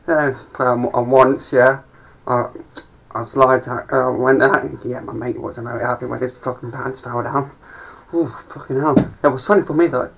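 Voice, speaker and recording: Rambling sweary young Englishman, gravelly. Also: mid-range voice. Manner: rambling, sweary, mumbling asides. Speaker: amateur comedian. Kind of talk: rambling stand-up monologue. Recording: dull lo-fi home recording.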